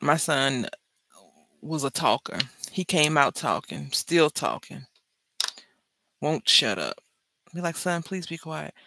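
A woman's voice: deep voice, takes it slowly, vocal fry, pauses often, no echo. A middle-aged woman, chatting and telling stories while she makes jewelry for her craft video. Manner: chatty storyteller, animated and joking. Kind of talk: casual chat while crafting.

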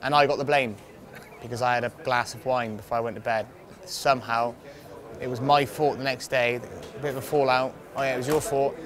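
A man's voice: medium pitch, fairly even intonation, brisk, fairly bright tone. A young man, a fighter, telling a rambling anecdote in a casual interview, swearing freely and laughing often. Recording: crowd noise outdoors.

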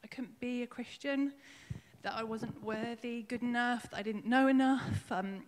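A woman's voice: on the high side, steady tone, normal speed, long reverb tail, a little hiss or hum. A woman nervously and emotionally telling her personal faith story at a church service, with many ums. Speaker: congregation member giving a baptism testimony. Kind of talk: spoken personal testimony in church. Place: church hall.

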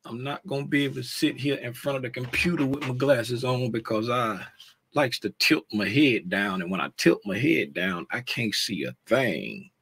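A man's voice: mid-range voice, vocal fry, a bit bright, slightly rough. A man in a casual livestream, talking loosely to his viewers about trading, easily sidetracked. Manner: loose, distractible, talks straight to chat. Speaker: trading educator.

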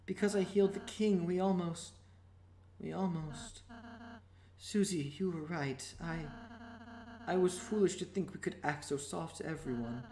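A woman voicing a shy, gentle young prince who speaks softly, haltingly and apologetically, recorded in an echoey room. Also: fairly low pitch. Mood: timid.

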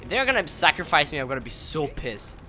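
A young man commenting on his own game play, yelling and swearing in angry bursts at the game. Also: fairly high pitch, big pitch swings, fast talker, slight background noise. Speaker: gaming channel host. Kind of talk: gaming commentary.

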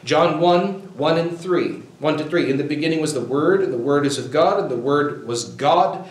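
A man's voice: fairly high pitch, normal speed, reverberant, poor audio. A male pastor preaching a sermon, quoting scripture with rising fervor.

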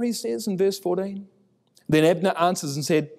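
A man's voice: sits high, moderate pace, vocal fry, long reverb tail. A man teaching through a Bible passage verse by verse, acting out the dialogue with a raised voice. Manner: animated, acts out biblical dialogue in raised voice.

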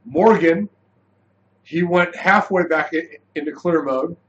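A man giving a casual, animated spoken review of a TV episode, chatty, with frequent restarts. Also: fairly high pitch, takes it slowly, muffled recording.

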